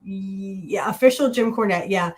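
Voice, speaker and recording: A woman's voice: medium pitch, a little slow, a little mellow. A woman hosting a podcast, chatting casually with many fillers and restarts. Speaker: podcast host. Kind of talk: casual chat. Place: indoor room with wrestling display behind her.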